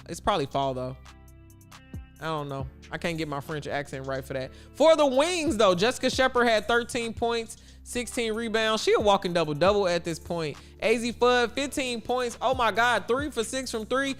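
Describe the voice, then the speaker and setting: High, smooth-voiced man hosting a livestream. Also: moderate pace, a bit bright, faint music behind. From Chicago. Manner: chatty, reads and answers his chat aloud. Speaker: livestream host. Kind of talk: casual sports commentary livestream.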